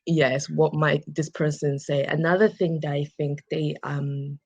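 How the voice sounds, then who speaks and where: An English woman with a Southern English accent works as a tutor on a video call, chatting casually and reassuringly and slipping into playful mock voices. Her voice sits low, steady and darkish, and she talks a little slowly. The audio has no echo and its highs are cut off.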